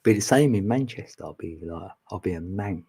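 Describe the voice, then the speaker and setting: A man's voice: low voice, expressive, brisk, gravelly, darkish tone, husky. A man, chatting casually with viewers on a live stream, laughing often and teasing them.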